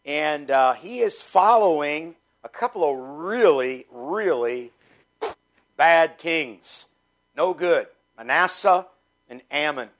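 A man's voice: a little high, a bit bright. A middle-aged man from Canada, a pastor giving a folksy, conversational sermon and asking his congregation questions. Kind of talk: sermon with prayer.

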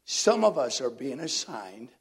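A middle-aged male pastor preaching a sermon, swinging between loud emphatic lines and hushed ones. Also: medium pitch, sing-song, unhurried, gravelly, slightly rough.

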